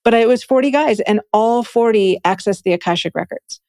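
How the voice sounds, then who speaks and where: A woman with a voice on the high side and a dark tone speaks briskly as an interview guest, an Akashic Records reader and teacher. She's enthusiastic, chatty and casual, peppering her speech with "like" and "right?", in clean studio sound with no room sound.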